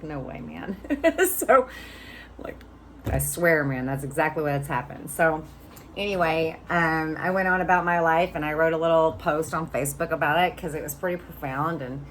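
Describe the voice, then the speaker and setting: A woman's voice: low voice, moderate pace, slight background noise. A woman in her fifties chatting candidly to camera, telling a personal story in a casual, loose way. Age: 50s. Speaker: vlogger.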